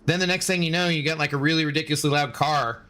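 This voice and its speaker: Bright, tense-voiced male gaming streamer. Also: a little high, fairly even intonation, fast. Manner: jokey banter, answering chat. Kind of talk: casual live-stream chat.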